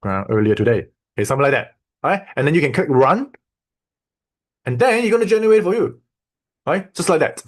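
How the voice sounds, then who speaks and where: A man's voice: sits high, big pitch swings, fairly quick, pauses often. Casual man teaching a screen tutorial. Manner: loose, repetitive teaching with frequent "okay?" and "right?". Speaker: online course instructor.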